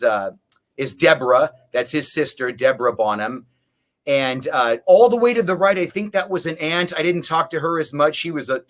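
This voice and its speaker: A man's voice: medium pitch, a bit bright. A man, a guest musician in a casual interview, telling long stories with many restarts. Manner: rambling storyteller with many restarts.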